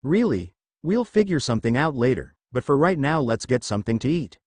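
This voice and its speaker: Man reading as a mischievous ninja boy, carefree, lively pitch, dry. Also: fairly quick, dry recording. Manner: carefree, prankish.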